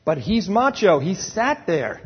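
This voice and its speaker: A man's voice: sits high, very animated, measured pace, husky, highs cut off. A man giving a live lecture on dental emergencies to a roomful of dental staff, emphatic and often checking in with the audience.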